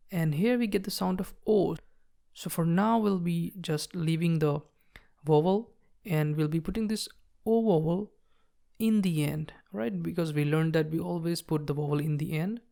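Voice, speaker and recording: Female tutor, lowish voice, patient walkthrough narration of writing strokes. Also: creaky, warm tone. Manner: patient, explains while writing, frequent "okay, so see". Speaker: shorthand teacher. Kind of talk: step-by-step tutorial.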